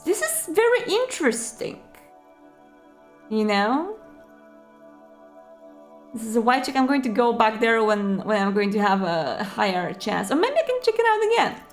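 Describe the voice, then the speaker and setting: High-voiced young woman playing a game. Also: very animated, unhurried, long pauses, faint music behind. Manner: chatty, muttering to herself. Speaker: let's play host. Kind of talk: game commentary and reading game text aloud.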